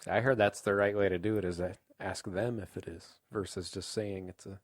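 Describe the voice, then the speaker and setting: A man's voice: low-pitched, fairly even intonation, fairly quick, no echo. Laid-back joking man, dry sound. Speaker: podcast co-host. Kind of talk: casual podcast chat.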